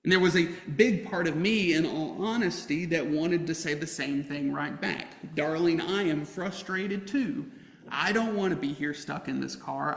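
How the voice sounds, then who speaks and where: A man delivers a sermon as pastor, weaving a humorous personal story into his message. He speaks slowly, with deliberate pauses. The sound carries a long, roomy church reverb. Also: on the high side. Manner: storytelling with humor, lively emphasis. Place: church sanctuary.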